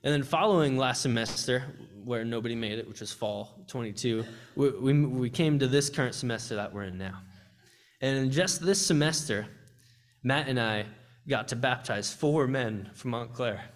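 A man's voice: mid-range voice, moderate pace. Earnest young man giving a church testimony. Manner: earnest, heartfelt, with restarts. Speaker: campus ministry speaker. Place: church service.

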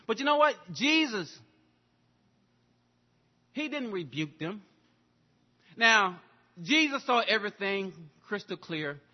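A man preaching a sermon, telling a story and swinging between loud exclamations and hushed asides. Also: high voice, sing-song, slow pace, long pauses, highs cut off. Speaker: pastor.

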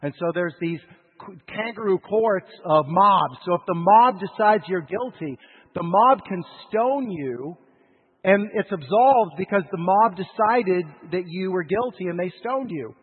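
A husky man preaches, his slightly high voice shifting from loud urgency to hushed lows. The sound is thin and tinny like a radio broadcast, with a long hall echo trailing his words. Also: animated, unhurried. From United States. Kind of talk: sermon storytelling.

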